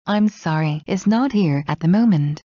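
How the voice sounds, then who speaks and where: A woman reading everyday English phrases aloud one at a time, in slow, evenly spaced delivery for learners. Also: on the low side, animated, mellow, no room sound. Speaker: English teacher. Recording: dull, dry lo-fi audio.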